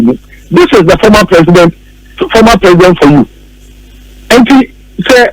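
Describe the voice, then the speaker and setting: A man's voice: sits high, lively intonation, moderate pace, long pauses, rough recording. A man with a Ghanaian accent, a political commentator on a radio talk show, arguing emphatically and repeating his points.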